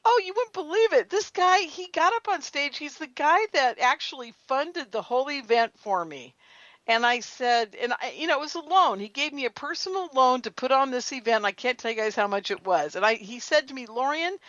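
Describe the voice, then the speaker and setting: Animated high-voiced woman telling stories. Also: moderate pace, no room sound, highs cut off. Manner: animated, laughing storyteller. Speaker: guest. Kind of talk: casual radio interview storytelling.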